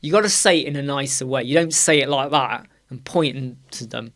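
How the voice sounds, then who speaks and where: A man's voice: mid-range voice, a little fast, fairly bright tone. A young man hosting a live web design Q&A stream, talking casually with energy and repeating key phrases for emphasis.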